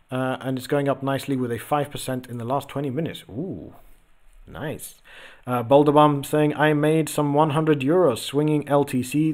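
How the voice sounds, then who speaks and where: Male host, young adult, relaxed chart-reading chatter with many fillers. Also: mid-range voice. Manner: loose and chatty, lots of ums and uhs. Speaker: host of a crypto trading channel. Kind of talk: casual chart commentary, reading viewer messages.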